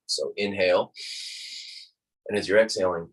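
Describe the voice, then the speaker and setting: A man teaching a guided breathing lesson, calm and instructive, demonstrating each breath aloud. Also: sits low, normal speed, husky, recorded from a distance, poor audio.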